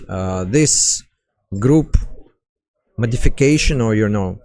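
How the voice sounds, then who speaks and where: A man with a Russian accent casting a game tournament in loose live-stream chat. He rambles and halts, leaning on fillers as he goes. His voice sits at an ordinary middle pitch. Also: darkish tone. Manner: rambling, halting, many fillers. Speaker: tournament caster. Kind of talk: casual live-stream commentary.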